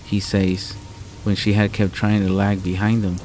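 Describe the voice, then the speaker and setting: A man's voice: lowish voice, flat delivery, normal speed, slight background noise, low-quality recording. A man narrating a true horror story in the first person, blunt and full of swearing. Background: soft music and rain sounds.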